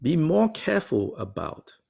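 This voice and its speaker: A man's voice: measured pace, creaky, slightly rough. A man teaching a study class, answering a student with rhetorical questions and small laughs. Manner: animated, wide-ranging pitch, rhetorical questions, small laughs.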